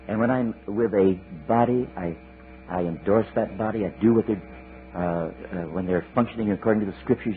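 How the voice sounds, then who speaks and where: A man preaching a sermon, telling a story in a folksy, animated way with chatty asides. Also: fairly low pitch. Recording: tinny lo-fi sermon tape with hiss.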